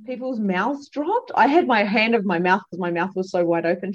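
A woman, a psychic medium and podcast guest, telling a story in an animated, emphatic way with many fillers. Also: mid-range voice, fairly quick, muffled recording. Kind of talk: casual storytelling chat.

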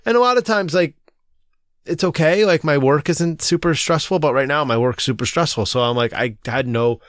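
A man's voice: fairly high pitch, moderate pace, no echo, studio quality. A man talking casually on a podcast, sighing often and acting out quotes in an exasperated way. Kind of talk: casual chat.

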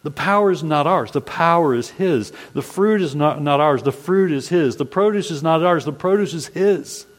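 Male pastor, earnest repetitive sermon cadence, slightly high voice, big reverberant sanctuary. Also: lively intonation, moderate pace, hardly any pauses. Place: church sanctuary. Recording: long hall reverb.

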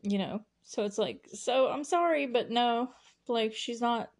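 A woman's voice: a little high, measured pace. A young woman hosting a solo podcast, recapping a TV episode in a rambling, giggly way with lots of fillers and restarts. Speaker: podcast host recapping a TV show. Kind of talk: casual solo recap chat.

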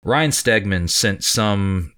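Deep-voiced joking podcast host. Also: male voice, lively intonation, takes it slowly, a bit bright, no room sound, studio quality. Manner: joking, laughs easily, swears. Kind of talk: casual chat.

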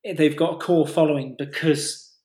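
A man's voice: a little high, steady tone, moderate pace, a little mellow, roomy sound. A man co-hosting a casual music podcast, talking enthusiastically and rambling with restarts and the odd swear. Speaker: podcast co-host.

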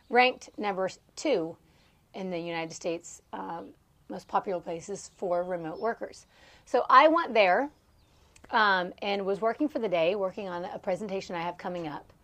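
A woman hosting a podcast, telling a rambling, animated story with frequent laughter while recording outdoors. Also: mid-range voice. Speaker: podcast host; entrepreneur and mom. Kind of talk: casual storytelling monologue. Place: outdoors on a farm.

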